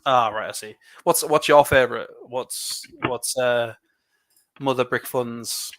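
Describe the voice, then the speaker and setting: Bright-voiced chatty English man. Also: medium pitch. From England. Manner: chatty, rambling, quick laughs. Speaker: livestream co-host building LEGO. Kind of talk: casual chat.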